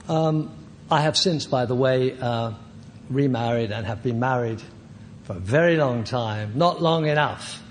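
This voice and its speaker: A man's voice: medium pitch, unhurried. A man in his sixties giving a recovery talk at a convention, rambling and self-deprecating with many hesitations. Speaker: AA speaker. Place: large convention hall. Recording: reverberant hall with faint room noise.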